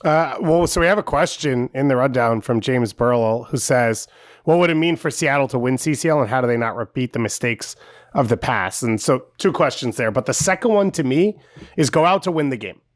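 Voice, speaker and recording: A man co-hosting a soccer podcast, giving measured, analytical opinions. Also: mid-range voice, animated. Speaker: podcast co-host.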